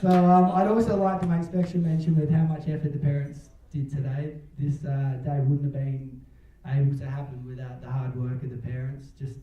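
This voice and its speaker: A man gives a wedding toast in a reception hall, telling a story and joking and chuckling between lines. His voice is fairly high but flat, at a moderate pace with hardly any pauses, and the recording sounds distant, roomy, and dull.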